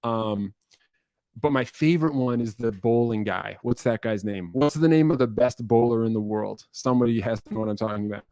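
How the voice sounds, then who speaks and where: A young New Jersey musician answers viewer questions on a casual livestream, rambling loosely, swearing freely, and making fun of himself. His mid-pitched voice has a brisk pace and a dark tone, recorded dry and close with no room echo.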